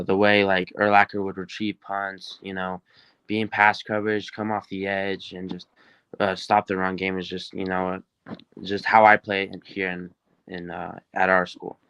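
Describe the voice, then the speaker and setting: Young man, teens, from New Mexico, upbeat, rambling with fillers, smooth voice, dry sound. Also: deep voice, level tone, moderate pace, a bit bright, dry recording. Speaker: football recruit guest. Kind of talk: casual interview answers.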